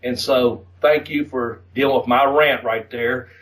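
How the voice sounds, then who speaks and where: A man co-hosting a podcast, ranting in a profane, animated way. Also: medium pitch, a little slow, distant mic, low-quality recording. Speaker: podcast co-host. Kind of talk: casual podcast rant.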